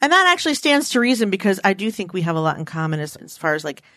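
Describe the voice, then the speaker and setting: A woman co-hosting a casual chat, playful and animated, her pitch jumping up when she gets excited. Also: fast talker, no room sound, studio quality.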